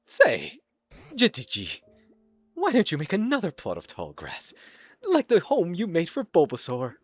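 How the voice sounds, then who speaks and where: Low-voiced, measured male game guide with a lively lilt, read by a man; dry studio sound. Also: husky, dry recording, faint music behind, exaggerated voice. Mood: advising.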